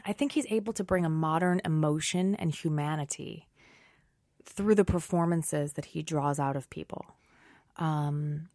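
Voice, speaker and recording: A low-pitched woman talks in a lively, self-mocking way, laughing easily as she answers questions. The recording is close and dry, with no room around her voice. She sounds middle-aged and at ease in casual interview chat. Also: no room sound. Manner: animated, self-deprecating, laughs often. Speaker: guest, Broadway actress.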